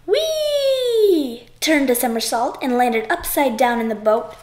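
A woman reading a children's picture book aloud, expressive and sing-song. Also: on the high side, moderate pace, roomy sound, slight background noise. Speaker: audiobook reader. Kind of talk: children's story read aloud.

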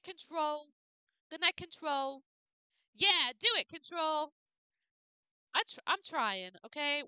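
A woman's voice: a little high, pushed and bright, clear, resonant tone, dry recording. A young woman streaming a game late at night, chatting casually with viewers, bubbly and playful, tripping over names and laughing. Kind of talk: casual live-stream chat while gaming.

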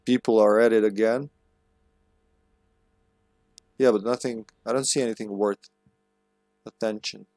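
A man's voice: on the low side, fairly even intonation, a little slow, pauses often, darkish tone, no room sound. Man chatting over gameplay, dry sound. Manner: musing, chuckling, reads game notes aloud. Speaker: game streamer. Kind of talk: casual gameplay commentary.

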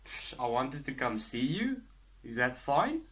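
A man playing a pushy, loud South African cousin in a comedy sketch, rambling and blustering with a South African accent. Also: mid-range voice, sing-song, unhurried, slight background noise, voice pushed up. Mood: pestering.

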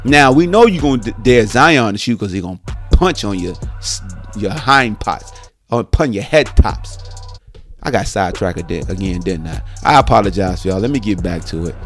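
A man hosting a sports podcast, ranting in an animated, slangy way and speaking straight to his listeners. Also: medium pitch, moderate pace, soft background music. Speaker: podcast host. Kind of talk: casual sports podcast rant.

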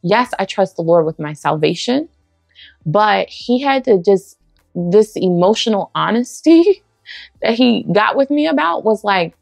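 A woman's voice: mid-range voice, lively intonation, measured pace, creaky, no room sound, studio quality, soft background music. A woman giving a heartfelt personal testimony at church, talking in a conversational way and acting out bits of dialogue. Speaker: women's ministry speaker.

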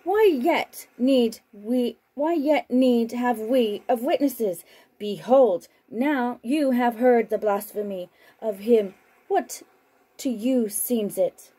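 A woman slowly reading scripture aloud as host of a home broadcast, then chatting on the phone. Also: on the high side, warm tone, husky, rough recording. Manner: slow, deliberate reading; chatty and laughing on the phone.

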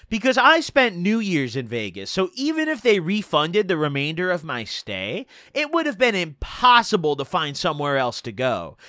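A man's voice: high-pitched, bright, forceful tone, no echo, clean studio sound. A man hosting a casual storytelling vlog, in a loose, profane, slangy way. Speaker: YouTuber host.

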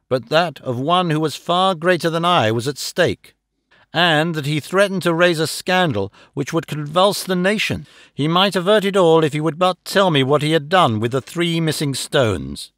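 A man narrating a classic detective story as an audiobook, reading in a measured, dramatic first-person way into a close microphone. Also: a little high, fairly bright tone, dry recording. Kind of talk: scripted narration.

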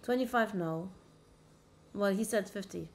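A woman's voice: mid-range voice, unhurried, a little hiss or hum. A woman livestreaming casually on a laptop mic, brash and profane, bickering with her chat. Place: indoors at a laptop.

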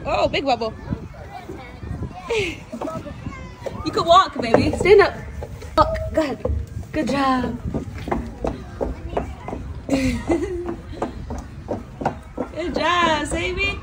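Mom vlogger, very high lively voice, slow sing-song baby talk, loud outdoor noise on a phone camera. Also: female voice, over a noisy crowd. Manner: cheerful baby talk, frequent laughter. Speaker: mother filming a family outing. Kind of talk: casual family vlog. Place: outdoors at a farm with slides and apple picking.

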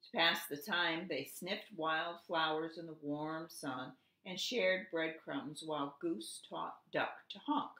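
A woman, a preschool teacher, reading a storybook aloud in a slow, expressive way. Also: sits low. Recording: echoey room.

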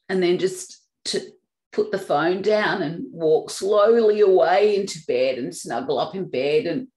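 A woman's voice: on the low side, a little slow. A woman hosting a motivational talk, upbeat and acting out everyday examples. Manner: upbeat, acts out examples with animated shifts. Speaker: podcast host. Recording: echoey room.

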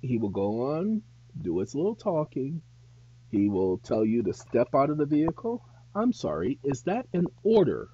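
A man hosting an advice monologue to viewers, speaking in a measured, deliberate way that turns indignant and loud. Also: mid-range voice, huge pitch swings, dull audio, a little hiss or hum. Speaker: host.

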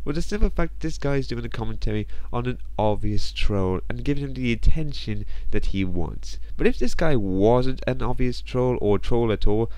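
A man's voice: mid-range voice, animated, moderate pace, few pauses, mellow, no echo, poor audio. A man hosting a sarcastic, mocking commentary on another video. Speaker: commentary channel host.

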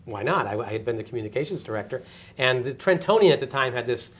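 An older man giving an oral history interview, telling stories with energy and acting out the people he quotes. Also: mid-range voice. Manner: animated storyteller, quick, acts out quoted voices with laughs. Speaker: interviewee, former communications director. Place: office interview setting.

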